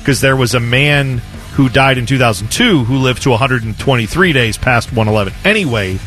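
A man's voice: medium pitch, a little fast, a bit bright, soft background music. A man co-hosting a sports talk radio show in casual banter, telling a news story with jokes and chuckles.

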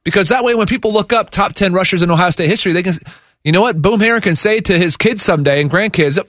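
A man's voice: high voice, dry recording, studio quality. A man co-hosting a sports radio show, ranting casually and emphatically. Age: adult with young children. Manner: animated, emphatic, quick rants.

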